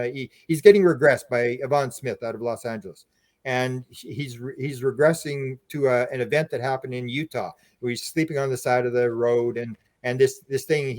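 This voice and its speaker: A man's voice: medium pitch, darkish tone, no echo. A man speaking as a guest on a podcast interview, telling long rambling anecdotes with frequent restarts. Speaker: guest, UFO researcher and author.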